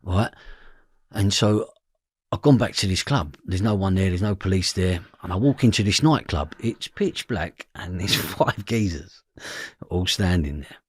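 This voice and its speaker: A man's voice: sits low, unhurried, breathy edge, dry recording, clean studio sound. A man with a London Cockney accent, telling a story as an interview guest, acting out the voices in his quotes and swearing freely. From East London, England.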